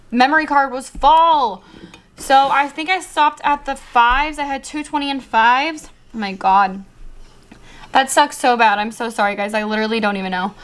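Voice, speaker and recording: A woman's voice: on the high side, fairly bright tone. Chatty young woman counting cash aloud. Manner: chatty, easily flustered, counts bills in a quick murmur. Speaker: budgeting vlogger.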